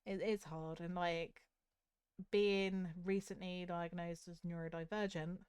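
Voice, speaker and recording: A young woman from the south of the UK with a Southern English accent, chatting openly with her stream viewers in a soft, candid, self-critical way with hesitant restarts. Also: fairly low pitch, little pitch movement, a little slow, clear, resonant tone, no echo, clean studio sound. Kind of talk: casual chat with stream viewers.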